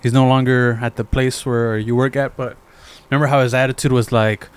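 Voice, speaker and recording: A man's voice: medium pitch, flat delivery, a little fast, clean tone. A man co-hosting a podcast, chatting casually and prompting with questions. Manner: laid-back, prompting questions. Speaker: podcast co-host. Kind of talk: casual chat.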